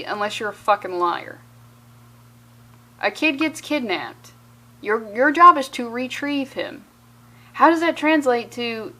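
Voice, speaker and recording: A woman's voice: a little high, pushed and bright. A young adult woman reviewing a comic in a sarcastic, profane, exasperated rant. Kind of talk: sarcastic ranting commentary.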